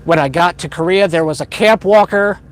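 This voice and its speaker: A man with a slightly high voice tells a long story to his livestream chat. He rambles and corrects himself mid-sentence and chuckles between beats. A faint hiss of noise sits under the voice. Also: moderate pace. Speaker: livestream host. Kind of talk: casual spoken storytelling to a live chat.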